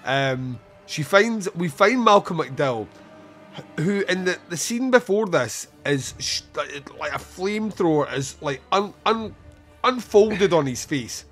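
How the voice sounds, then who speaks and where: This podcast host, a man with a slightly high, bright voice and lively intonation, recaps a film scene by scene at an unhurried pace. He swears freely, laughs between lines, and leans on lots of fillers in this casual review chat, with faint music in the background.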